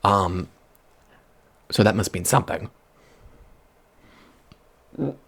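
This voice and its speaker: A man rambling in soft-spoken ASMR chat at a close microphone, drifting from hushed murmurs to excited outbursts. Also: fairly low pitch, normal speed, husky. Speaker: vlogger.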